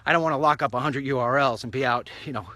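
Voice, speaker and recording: Upbeat bright-voiced man talking on a walk. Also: quick pace, dry recording. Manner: chatty, rambling, upbeat pitch. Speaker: online show host. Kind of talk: casual walk-and-talk monologue. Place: outdoors, walking along a street.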